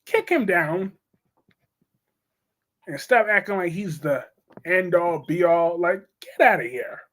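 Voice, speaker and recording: A man with a notably high-pitched voice hosts a casual live stream about soap operas, talking from a home setup. He is blunt and chatty and keeps reading out viewer comments between his own opinions. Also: expressive, takes it slowly, a bit bright.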